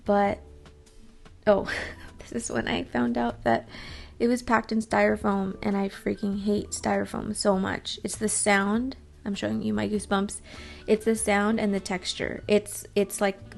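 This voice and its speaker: Woman, casual vlog voice-over, chatty and rambling, vocal fry, faint music underneath. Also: medium pitch, level tone, measured pace. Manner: chatty, rambling, self-deprecating. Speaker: vlogger.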